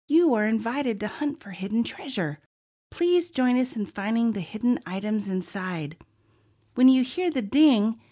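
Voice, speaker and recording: Slow, gentle woman reading a storybook. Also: a little high. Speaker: narrator.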